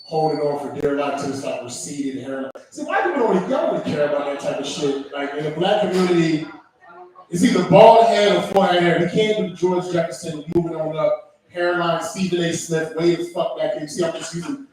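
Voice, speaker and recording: A man's voice: on the high side, brisk, darkish tone. A man hosting an open mic and doing loose, cursing stand-up in a small club. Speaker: open mic host and comedian. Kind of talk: stand-up comedy. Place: small comedy club stage. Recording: very echoey room, far from mic.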